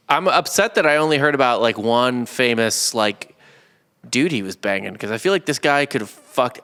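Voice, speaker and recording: A man's voice: mid-range voice, bright, forceful tone, clean tone. A man co-hosting a comedy history podcast, joking crudely in casual chat and trailing off into mumbles. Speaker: podcast co-host.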